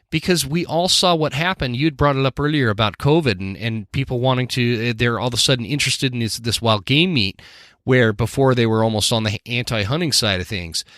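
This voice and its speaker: A man's voice: medium pitch, pushed and bright, no echo, clean studio sound. A man hosting a podcast, talking earnestly and often restarting his sentences. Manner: earnest, with frequent restarts and fillers. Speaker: podcast host. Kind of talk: casual podcast conversation.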